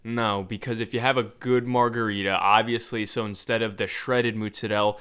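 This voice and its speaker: Bright, clear-voiced easygoing man. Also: lowish voice, fairly even intonation, brisk. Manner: easygoing, rambling, defends his opinions. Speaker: podcast host. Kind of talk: casual chat.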